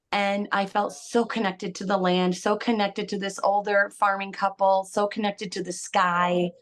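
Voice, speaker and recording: A woman giving an earnest, halting spoken testimonial about a ceremony, with many restarts. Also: mid-range voice.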